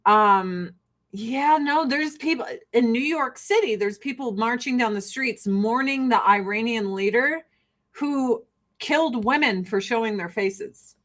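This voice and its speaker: A woman's voice: fairly high pitch, fairly bright tone. A woman hosting a podcast, ranting in a blunt, profane, sarcastic way and laughing often. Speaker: podcast host. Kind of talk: casual ranting chat.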